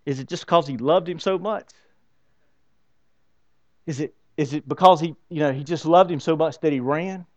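A man preaching a sermon, lively and full of questions to his listeners. His voice sits a bit high for a man. The sound is dry and close to the mic. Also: moderate pace, pauses often, dry recording, highs cut off. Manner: animated, asks the congregation rhetorical questions. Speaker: pastor.

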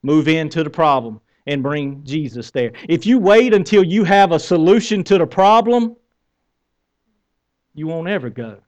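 A man's voice: on the high side, lively intonation, normal speed, a little mellow. A man with a Southern American accent preaching a conversational sermon, asking the congregation questions and joking at his own expense. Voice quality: bearded. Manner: conversational preaching with questions to the crowd, wry humor. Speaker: pastor.

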